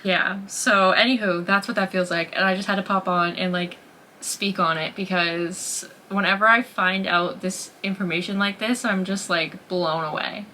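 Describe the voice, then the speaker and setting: A young woman with a Massachusetts accent talks to her viewers from home, bubbly and exclamatory, leaning on "like" at every turn. Her voice sits at an ordinary middle pitch, with a faint hum of noise behind her. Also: moderate pace. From Massachusetts, USA. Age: 20s. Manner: excitable, heavy use of "like", exclamatory. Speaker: vlogger. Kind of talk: casual chat to camera. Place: at home, later in her kitchen.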